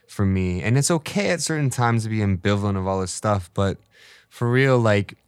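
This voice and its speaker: A man's voice: on the low side, animated, normal speed, smooth, dry recording. A man in his late twenties talking casually and reflectively, telling stories with many fillers. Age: late 20s. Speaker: guest. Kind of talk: casual conversation.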